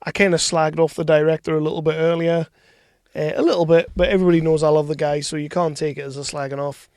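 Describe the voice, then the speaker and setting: A man's voice: on the high side, little pitch movement, fast, a little mellow, dry recording, clean studio sound. A man co-hosting a film podcast, chatting casually, laughing and swearing as he acts out movie quotes. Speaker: podcast co-host. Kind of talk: casual banter.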